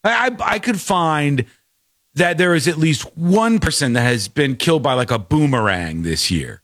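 A man's voice: on the high side, animated, normal speed, a bit bright, dry recording, clean studio sound. A man in his forties hosting a show, joking and incredulous in casual commentary. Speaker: host.

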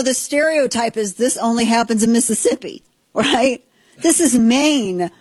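Chatty Missouri-raised woman, husky voice. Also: fairly high pitch, dry recording. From Missouri, USA. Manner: animated storytelling with frequent laughs. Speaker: host. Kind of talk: casual chat.

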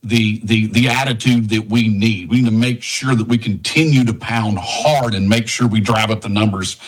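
A man running for Congress, a radio show guest making an earnest, urgent get-out-the-vote pitch. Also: moderate pace, low-quality recording. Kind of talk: campaign pitch on a call-in.

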